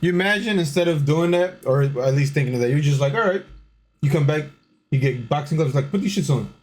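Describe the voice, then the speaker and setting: A man's voice: fairly high pitch, brisk, a little hiss or hum. A man in casual reaction chat, slangy and spinning joking hypotheticals.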